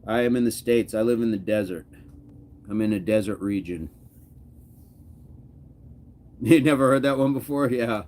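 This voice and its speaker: A man's voice: lowish voice, normal speed, pauses often, darkish tone. A middle-aged man hosting a casual livestream, reading viewer comments in a jokey, easygoing way and chuckling between remarks. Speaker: livestream host.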